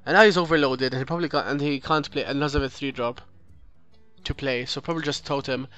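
Over faint music and dull audio, a man with a mid-range, steady, fairly bright and smooth voice talks fast. He comments on his own card game run as a let's play host, thinking out loud, self-correcting, and criticizing his opponent.

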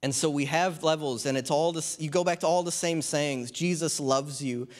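In church, a New Zealand man in his thirties or forties delivers a sermon in a conversational style, slipping in humorous asides. His voice sits on the high side, and he speaks at a normal speed.

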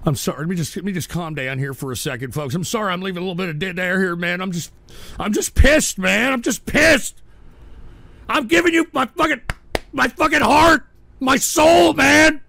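High, gravelly man ranting on air. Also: no echo. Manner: exasperated, profane, swings between yelling and weary muttering. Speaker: streamer hosting a comedy radio show. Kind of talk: comedic on-air meltdown rant.

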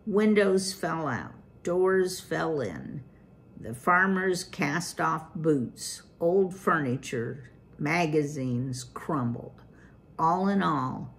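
A woman reading a children's chapter book aloud, slowly and deliberately. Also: low voice, vocal fry, a little hiss or hum. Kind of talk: read-aloud storytelling.

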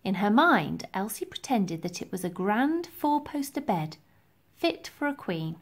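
A woman reading a children's storybook aloud, telling it in an expressive, lively way. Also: on the high side. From England. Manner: lively, expressive storytelling with slow deliberate pacing. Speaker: reader.

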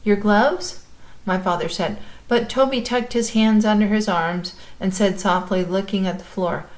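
Woman reading a chapter book out loud, calm and measured, middle pitch. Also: poor audio. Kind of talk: chapter book read-aloud.

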